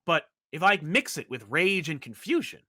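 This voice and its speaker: Animated man rambling in casual chat. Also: fairly high pitch, normal speed. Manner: animated, rambling with many restarts. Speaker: podcast co-host.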